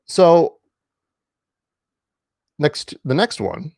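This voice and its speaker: A man's voice: a little high, very slow, darkish tone, dry recording, clean studio sound. A man giving a casual lecture-style monologue, emphatic and repetitive, with many fillers and restarts, speaking from home. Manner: emphatic, repeats key words, frequent fillers and restarts. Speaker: online commentator. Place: indoors at home.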